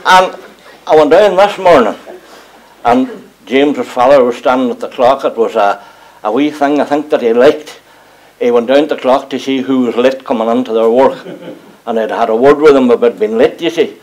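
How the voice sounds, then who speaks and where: A man's voice: medium pitch, normal speed, darkish tone, low-quality recording. Older Northern Irish man spinning yarns. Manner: humorous, chuckling as he tells yarns. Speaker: local speaker recalling mill days. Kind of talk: anecdotal storytelling to an audience. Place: community gathering before a live audience.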